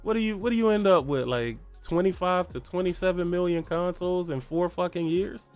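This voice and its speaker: A man's voice: high voice, a little fast, darkish tone, smooth, faint music behind. A man hosting a solo gaming podcast, ranting in a heated, profane and mocking way and firing off repeated rhetorical questions. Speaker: podcast host.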